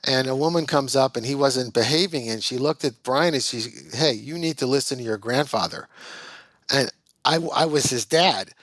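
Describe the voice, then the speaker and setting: A man in his sixties talks as a podcast guest, recalling anecdotes in an easygoing way. His voice is of middling pitch. The sound is close and dry, with no room echo. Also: moderate pace. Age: 60s. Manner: anecdotal, relaxed recollection. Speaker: podcast guest, recruiting executive. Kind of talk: casual conversation.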